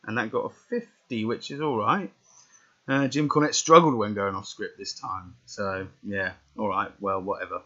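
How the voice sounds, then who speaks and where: A man's voice: fairly low pitch, normal speed, sharp tone. A man casually commentating a wrestling management game, reading out results with rambling muttered asides. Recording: dull lo-fi recording.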